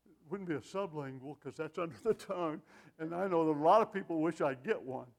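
An older man preaching a sermon with an animated, self-deprecating sense of humor, often laughing at himself. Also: a little high, a little fast. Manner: lively, animated delivery.

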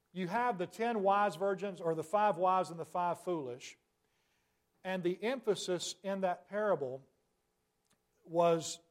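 A man preaching a sermon, emphatic and full of rhetorical questions, swinging between loud stressed words and quiet drops. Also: on the high side.

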